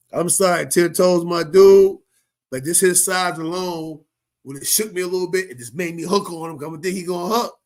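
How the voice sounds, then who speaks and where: A man giving casual, slangy commentary as a show host, often laughing and asking "you know what I mean". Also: a little high. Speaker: show host reacting to viral clips.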